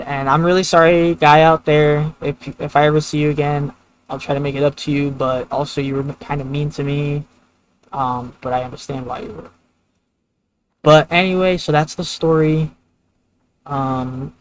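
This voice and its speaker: A man's voice: a little high, slight background noise, poor audio. Rambling man telling a gaming story. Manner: rambling storyteller, many "like" fillers. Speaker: streamer. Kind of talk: casual gameplay commentary.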